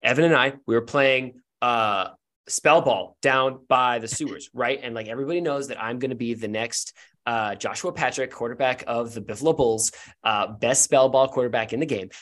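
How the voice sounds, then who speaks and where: A man's voice: medium pitch, moderate pace, fairly bright tone, close to an everyday voice. Man playing an earnest kid, breathless and rambling, tabletop game voice. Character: eager earnest young boy, fast-talking.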